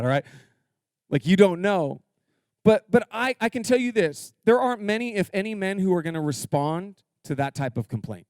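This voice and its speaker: A male pastor preaching a sermon in a church, energetic and humorous, drawing call-and-response from his congregation. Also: sits high, clean tone, no echo, studio quality. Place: church sanctuary.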